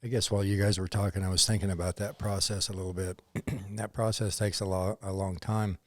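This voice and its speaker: A man's voice: low voice, flat delivery, a little fast. A man thoughtfully describing a craft process in a casual conversation. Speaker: knife maker on the ranch crew.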